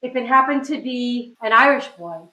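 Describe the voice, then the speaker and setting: Bright, chatty woman cooking at home. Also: on the high side, animated, normal speed, roomy sound, poor audio. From New England, USA. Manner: chatty, upbeat, keeps asking "right?". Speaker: cooking show host. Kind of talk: casual cooking demonstration. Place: home kitchen.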